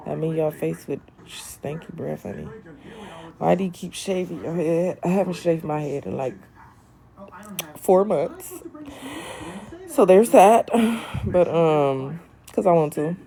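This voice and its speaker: Low, gravelly-voiced woman chatting on a livestream. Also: animated, takes it slowly, pauses often, warm tone. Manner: chatty, sassy, calls viewers honey and queen. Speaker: livestream host. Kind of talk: casual livestream chat reading comments.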